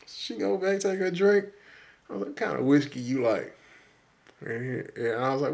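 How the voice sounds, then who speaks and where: A man's voice: medium pitch, normal speed, vocal fry, long pauses. A man co-hosting a podcast, telling a story in a loose, profane way and acting out the people in it. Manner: animated, profane storytelling with quoted voices. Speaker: podcast co-host. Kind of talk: casual storytelling chat.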